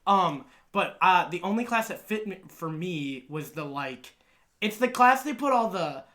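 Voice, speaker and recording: A young man co-hosts a podcast, telling loose, profane high school anecdotes and acting out the other people in them. His voice sits high and sounds bright. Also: expressive, unhurried. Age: young adult. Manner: profane, laughing anecdotes with acted-out quotes. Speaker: podcast co-host. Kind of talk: casual storytelling chat.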